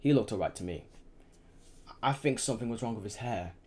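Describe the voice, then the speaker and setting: A man's voice: on the low side, animated, a little fast, a little mellow, husky. A man reading aloud, voicing a curious young boy who asks eager questions.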